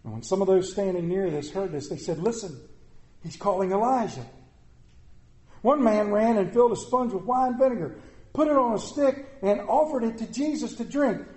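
High-voiced preacher in an echoey church. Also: male voice, darkish tone. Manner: preaching with dramatic pauses and repetition. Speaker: pastor. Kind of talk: sermon. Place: church sanctuary. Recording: echoey room.

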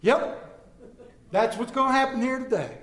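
A male pastor preaching a Sunday sermon, animated and joking with the congregation, swinging between loud emphasis and quiet asides. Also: very high voice, moderate pace. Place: church sanctuary. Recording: echoey church room.

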